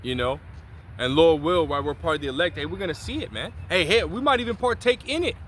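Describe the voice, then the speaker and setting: Brash, profane street preacher, bright-voiced. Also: male voice, a little high, expressive, quick pace, slight background noise. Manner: loose, profane, slangy preaching with many asides. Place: city street outdoors.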